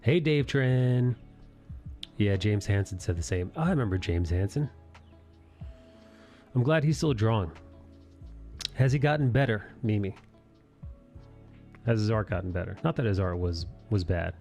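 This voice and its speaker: A man hosting a relaxed live chat while he draws, reading viewer messages aloud and swearing casually. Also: lowish voice, measured pace, pauses often, soft background music.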